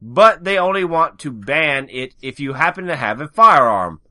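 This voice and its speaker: Male podcast co-host, animated delivery, bright tone, jokey and sarcastic. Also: fairly high pitch, moderate pace. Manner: joking, sarcastic asides. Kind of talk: casual news chat.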